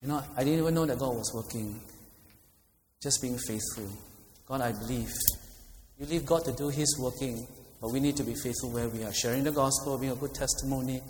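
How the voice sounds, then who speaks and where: A middle-aged man with a Singaporean English accent preaching a sermon as a pastor, earnest and emphatic, with quick asides and rising appeals. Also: mid-range voice, darkish tone, a little hiss or hum. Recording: echoey hall with long reverb.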